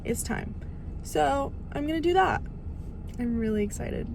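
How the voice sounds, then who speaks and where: A woman's voice: sits high, animated, measured pace, gravelly, loud music behind the voice, low-quality recording. A young adult woman chatting in a bubbly, gushing way for a casual vlog, outdoors at a shopping mall. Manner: bubbly, gushing, lots of "like" and "oh my gosh". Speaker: lifestyle vlogger.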